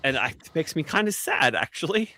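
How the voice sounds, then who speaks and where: A man's voice: a little high, big pitch swings, fairly quick, bright, forceful tone. A man hosting a crude casual chat show, hesitant and self-deprecating, often stammering over his words. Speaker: show host.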